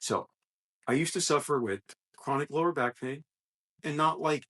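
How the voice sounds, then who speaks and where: A fairly high, slightly bright voice at normal speed comes from a gym coach co-hosting a laid-back podcast. His delivery is heartfelt and motivational, with sentences frequently abandoned and restarted as he reasons aloud.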